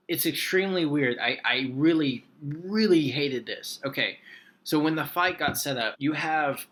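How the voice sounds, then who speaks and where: Rambling man reviewing a film. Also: mid-range voice. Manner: rambling, excitable. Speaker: movie reviewer. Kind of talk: casual film review vlog.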